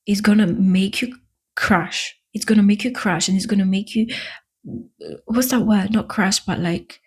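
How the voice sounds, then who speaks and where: Breathy woman giving earnest self-help talk. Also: mid-range voice. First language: not English. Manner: earnest, affectionate, addresses viewers as "my love" and "baby"; halting, with restarts and drawn-out emphatic words. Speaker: vlogger. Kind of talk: casual spiritual self-help talk to camera.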